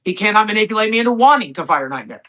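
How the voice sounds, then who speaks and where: A bright-toned man argues on a live stream, insistent and repetitive. He keeps pushing his point while the other speaker rages. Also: high-pitched, very animated, racing, rough recording. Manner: insistent, repeats himself. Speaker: stream co-host. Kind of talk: heated livestream argument.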